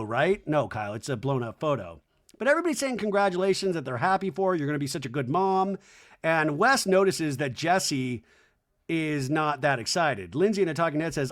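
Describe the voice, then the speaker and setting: Man, podcast host, casual recap, animated delivery, lively pitch, mock voices for quotes. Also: brisk. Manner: animated, acts out cast members' lines in mock voices.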